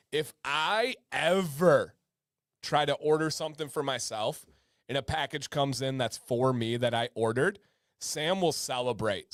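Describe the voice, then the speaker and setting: A man's voice: medium pitch, dry recording, clean studio sound. A man hosting a casual livestream, reading chat aloud and joking with viewers. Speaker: livestream host.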